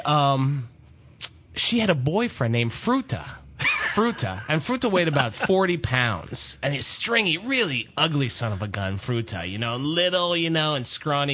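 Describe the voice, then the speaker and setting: A podcast co-host telling a rambling, animated anecdote and laughing through it in casual chat. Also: male voice, mid-range voice, normal speed, slightly rough. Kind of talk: casual storytelling.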